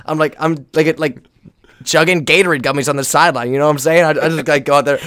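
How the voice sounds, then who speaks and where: A young man co-hosting a casual chat, telling sports stories with lots of laughter. His voice sits a little high, and he slips into quoted voices as he tells them. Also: fairly even intonation, quick pace, a bit bright, smooth. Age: young adult. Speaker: volleyball player and podcast co-host.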